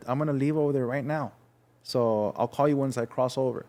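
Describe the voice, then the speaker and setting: Young adult man from Los Angeles, podcast guest, frank halting storyteller. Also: mid-range voice, fairly even intonation, darkish tone. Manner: frank, halting, acts out voices in his story. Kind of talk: casual storytelling.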